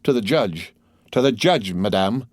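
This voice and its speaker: A man's voice: lowish voice, measured pace, no echo, clean studio sound. A man playing a cold contemptuous magistrate. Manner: calm, contemptuous interrogation. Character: cold stern male magistrate, accusing husband. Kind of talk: audiobook character voice.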